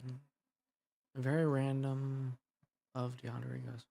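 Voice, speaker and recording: A man's voice: mid-range voice, completely flat delivery, slow pace, vocal fry, warm tone, no room sound. A young man, an audio drama creator, chatting casually and brainstorming ideas, rambling and laughing as he cuts himself off. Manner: rambling, giggly, self-interrupting.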